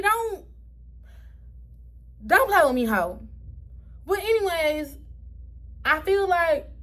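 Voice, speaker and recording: A young woman with a high voice tells a personal story to her viewers in a casual, unscripted way. She talks in a heated, profane manner, her pitch jumping up and sinking low as she relives the events. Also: a bit bright. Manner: heated and profane, swings up and down in pitch while retelling. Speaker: storytime vlogger.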